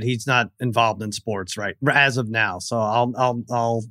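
A middle-aged man co-hosting a casual podcast chat, telling stories with animated energy. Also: medium pitch, no room sound, clean studio sound. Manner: animated storyteller who acts out his own yelling. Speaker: co-host.

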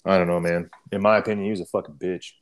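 A young adult man casually telling a war story, profane and rambling, often clearing his throat. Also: sits low, flat delivery, fast.

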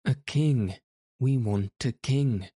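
A man's voice: medium pitch, slow, dark tone, husky, no room sound, studio quality, pitched above the performer's own voice. A man voicing a haughty, scornful group of talking roses in a storybook reading. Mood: demanding. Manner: scornful, demanding. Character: haughty chorus of rebellious roses.

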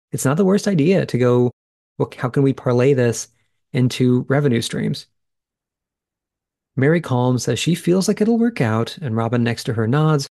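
A man's voice: mid-range voice, creaky, darkish tone, no echo, studio quality. A man hosting a podcast, recapping episodes in a chatty way and thinking aloud as he goes. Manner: chatty, thinks aloud, reacts in real time. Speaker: podcast host. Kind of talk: casual recap commentary.

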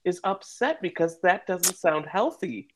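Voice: mid-range voice, lively intonation, measured pace, a loud crowd. A podcast host who asks questions and spins playful, teasing scenarios in casual chat.

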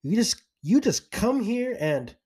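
Man putting on a mother superior, older woman, harsh scolding tone, raised pitch, slow deliberate delivery. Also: very animated, warm tone, breathy edge, heavily acted. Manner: harsh, scolding, falsely sweet.

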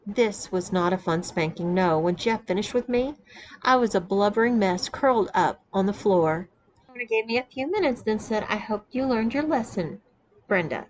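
A woman narrating a first-person audiobook in an even, unhurried storytelling voice. Her pitch sits in the middle range, with a faint hiss in the recording. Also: rough recording. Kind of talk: audiobook reading of an erotic memoir.

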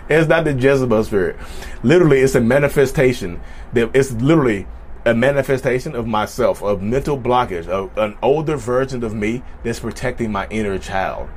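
A man's voice: mid-range voice, a little fast, a little mellow, slight background noise. A man vlogging in a casual storytelling way, chatty and repetitive, often turning to his viewers directly. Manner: chatty, repetitive, keeps addressing viewers as y'all.

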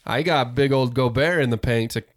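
A man's voice: medium pitch, moderate pace, dry recording, clean studio sound. A man co-hosting a casual sports podcast, giving laid-back, opinionated takes and laughing easily. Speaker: podcast co-host.

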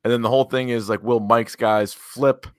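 A man's voice: mid-range voice, moderate pace, dry recording, studio quality. A man hosting a podcast, recapping TV episodes in a rambling, casual way with lots of fillers. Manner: rambling, filler-heavy, animated retelling. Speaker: radio host and podcast co-host.

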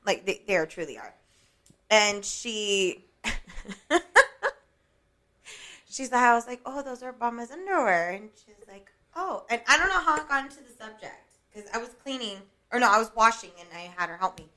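A woman's voice: medium pitch, normal speed, long pauses. A young woman co-hosting a podcast, telling family stories in casual chat and swearing freely. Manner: swears freely, animated storytelling. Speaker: podcast co-host, mother.

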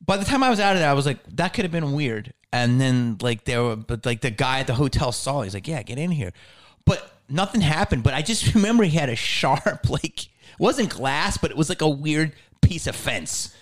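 Animated, swearing man telling a story. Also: medium pitch, a little fast, few pauses. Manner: animated, swears freely, says "dude" often. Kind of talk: casual chat, storytelling.

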